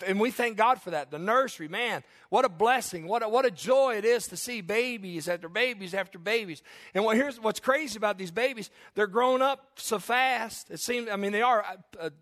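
A male pastor preaching a sermon, reading scripture slowly and low, then climbing loud and high to drive points home. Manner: swings from low measured scripture reading to loud rising emphasis.

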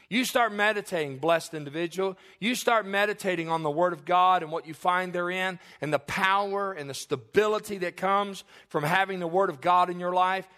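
A Kentucky-raised male pastor with a Southern accent and a high-pitched voice, preaching a sermon. He drives points home with repeated phrases and folksy asides. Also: bright, forceful tone.

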